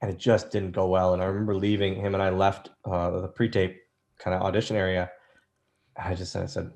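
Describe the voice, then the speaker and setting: A man's voice: sits low, fairly quick. A man in his thirties, a guest on an interview, telling stories casually and acting out the lines people said to him. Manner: animated storyteller, acts out quoted lines. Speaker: interview guest, former wrestler.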